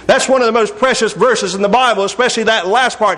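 A man with a notably high voice delivers an earnest sermon. He reads scripture in old-fashioned wording and swings between quiet, slowed passages and raised, pleading appeals to the listener. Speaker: preacher.

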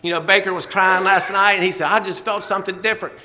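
A man's voice: sits high, fairly even intonation, quick pace, pushed and bright, long reverb tail, slight background noise. A man preaching a sermon in a folksy way, laughing often as he quotes scripture. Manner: folksy, laughing often, quoting scripture in old-fashioned wording.

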